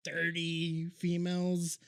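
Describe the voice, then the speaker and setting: A man co-hosting a podcast, drunk, rambling excitedly and stammering through stories in casual chat. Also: a little high, takes it slowly, clean tone. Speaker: podcast co-host.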